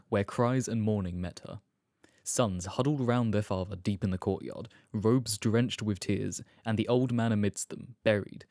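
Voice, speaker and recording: A man narrating an epic poem as a measured, solemn audiobook reading. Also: fairly low pitch, a little mellow, no echo, clean studio sound.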